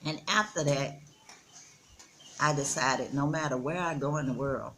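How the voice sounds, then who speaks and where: Texan woman, 60s, unhurried earnest vlogger, faint background hiss. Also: rumbling low, a bit bright. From Texas. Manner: slow, earnest, addresses viewers as y'all. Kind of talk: casual chat. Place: outdoors in the Gambia.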